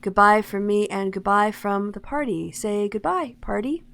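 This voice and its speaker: A woman's voice: medium pitch, moderate pace, vocal fry, fairly bright tone. A woman hosting a livestream, thanking the viewers and wrapping up the show with light laughter. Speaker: stream host.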